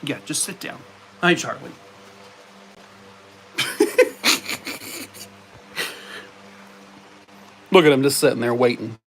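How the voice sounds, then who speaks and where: Lively, drawn-out man chatting with his dogs. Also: medium pitch, a little hiss or hum. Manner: playful, scolding and baby-talking his dogs. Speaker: live streamer. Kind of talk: casual live stream chat. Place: home in Arizona.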